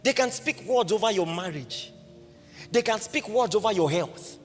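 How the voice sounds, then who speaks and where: A man's voice: high voice, moderate pace. A man with a Nigerian accent preaching, telling a personal story with many rhetorical questions to the congregation. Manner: lively anecdotal preaching, frequent rhetorical questions. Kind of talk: storytelling sermon. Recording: reverberant hall with faint music.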